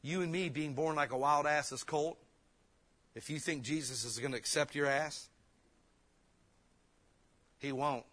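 Male pastor, conversational joking sermon, punchy emphasis, high bright tone. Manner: casual, joking preaching with emphatic bursts; reads King James verses slowly.

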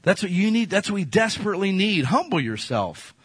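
Animated husky-voiced male pastor preaching. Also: high-pitched, a little fast, dry recording. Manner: animated, folksy, jumps into playful quoted voices. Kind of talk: sermon.

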